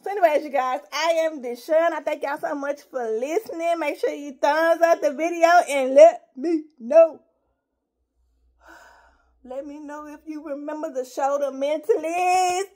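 A woman's voice: sits high, unhurried, warm tone. A woman vlogger in casual chat to camera, emotional and gushing, rambling with many fillers as she talks straight to her viewers.

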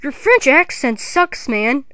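A woman playing giddy highlighter heroes, very high squeaky voice, swooping pitch, noisy home recording. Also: big pitch swings, slow, dry recording, heavily acted. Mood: taunting. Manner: giddy, bouncy, shouty teasing. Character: hyper silly highlighter space patrol heroes. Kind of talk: homemade toy-puppet show.

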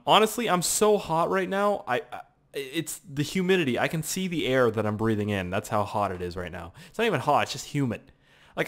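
A young man from Canada giving joking, animated let's-play commentary, swearing freely as he plays. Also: mid-range voice. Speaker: gaming commentator.

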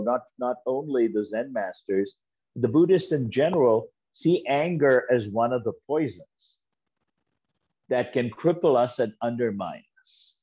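A man speaks slowly and deliberately while delivering a sermon, and he tells parables in which he voices each character. He leans on repeated phrases to make his point. The recording sounds dull and lo-fi, like a church video. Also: on the low side, a little mellow. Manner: storytelling with quoted voices and emphatic repetition. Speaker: guest speaker at a church service.

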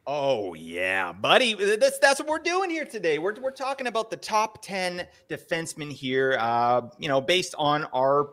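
A man's voice: fairly high pitch, sing-song, normal speed, hardly any pauses, a bit bright. A man hosting a fantasy sports podcast, chatting casually with upbeat, joking banter. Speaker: podcast host.

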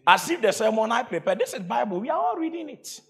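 A middle-aged man with a Ghanaian accent preaching a sermon, swinging from shouts to quiet storytelling and laughing as he goes. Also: very high voice, big pitch swings, quick pace, vocal fry. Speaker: pastor.

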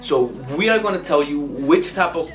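A man's voice: a little high, normal speed, music in the background. A young man hosting his own video, rambling casually with many fillers. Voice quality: rambling, heavy use of fillers. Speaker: youtuber host.

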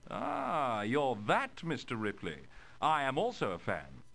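A polished young baron. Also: male voice, medium pitch, unhurried, gravelly, full character voice. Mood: courteous. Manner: polished, formal and animated. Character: young male aristocratic baron, sporty and courteous.

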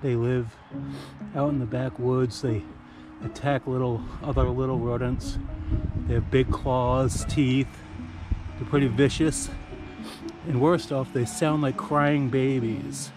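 Slow-talking man vlogging with music. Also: medium pitch, fairly even intonation. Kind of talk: casual outdoor vlog. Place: outdoors in a backyard. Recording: clear music under the voice.

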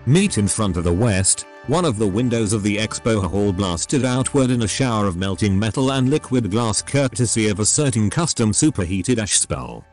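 A synthetic male text-to-speech voice narrating a story with a steady, machine-read delivery. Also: on the low side, normal speed, few pauses, faint music behind.

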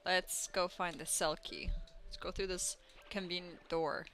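Bright-voiced woman playing a game. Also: on the low side, fairly even intonation, measured pace. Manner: chatty, giggly. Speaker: gamer. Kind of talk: casual game commentary. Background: game music.

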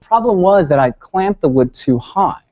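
Animated male lecturer, lively pitch. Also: normal speed, muffled recording, heavy background noise. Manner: animated storytelling with rhetorical questions. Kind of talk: public lecture. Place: lecture hall.

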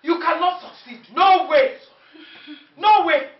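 An actress with a Nigerian accent playing an older Igbo mother-in-law, emotional, swinging from hushed to shouting, recorded from a distance in an echoey space. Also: mid-range voice, animated, measured pace, muffled recording, natural voice. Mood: furious. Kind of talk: film acting.

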